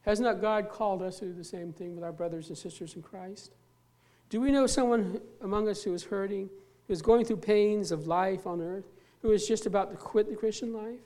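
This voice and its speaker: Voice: medium pitch, mellow. Earnest pastor preaching a sermon. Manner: earnest, emphatic, slows down to stress key words; repeats and restarts phrases while preaching.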